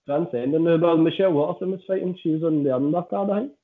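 Man, co-host, sweary teasing banter, higher pitch, thin phone-like audio. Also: fast talker. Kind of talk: casual chat. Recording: tinny phone-like line.

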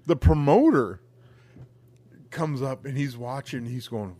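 A man co-hosting a podcast, telling a story in an animated, profane way with frequent laughter, close to the mic. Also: mid-range voice, takes it slowly, pauses often. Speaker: podcast co-host. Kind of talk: casual storytelling.

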